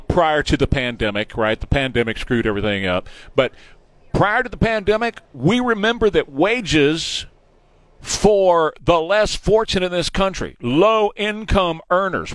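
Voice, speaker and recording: Texan man, radio host, emphatic; lively upper-middle voice, dry studio sound. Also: on the high side, no room sound. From Texas. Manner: emphatic, repeats points for punch. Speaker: radio talk show host. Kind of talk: opinionated talk radio. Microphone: studio microphone.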